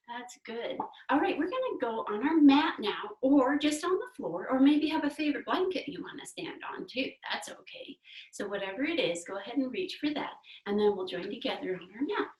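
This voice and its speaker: A woman's voice: on the high side, sing-song, normal speed, far from the mic. Young female kids' yoga teacher, playful and encouraging, echoey room. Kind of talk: guided kids yoga instruction. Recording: echoey room, away from the mic.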